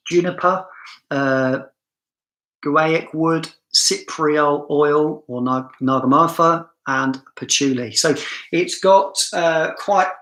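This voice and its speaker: A chatty live-stream host with a southern English accent talks through perfume notes at an unhurried pace. The voice is bright and forward, with a roomy echo around it. The delivery is self-mocking and full of laughs. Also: medium pitch. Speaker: fragrance reviewer. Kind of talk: live-stream fragrance review chat.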